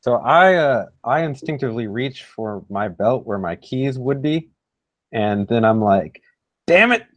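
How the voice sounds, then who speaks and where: A man's voice: mid-range voice, expressive, unhurried. A man playing a tabletop game, thinking aloud and tentative as he decides what his character does. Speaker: player. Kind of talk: casual tabletop play.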